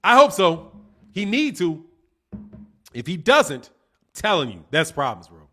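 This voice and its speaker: A man's voice: high voice, big pitch swings, unhurried, pushed and bright, soft background music. A man giving casual livestream commentary on boxing, reading chat comments and answering them in a blunt, heated, slang-heavy way, often repeating his points.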